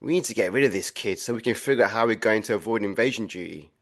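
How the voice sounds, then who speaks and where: A man playing a clueless, grumpy soldier in an audio comedy, blunt and gruff. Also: lowish voice, quick pace. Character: dim, grumpy male soldier bunkmate.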